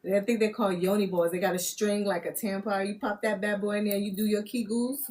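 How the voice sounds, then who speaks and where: A woman reading spiritual messages on a live stream, loud and playful, laughing often as she teases her viewers. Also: mid-range voice, steady tone, quick pace. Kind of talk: casual live-stream chat.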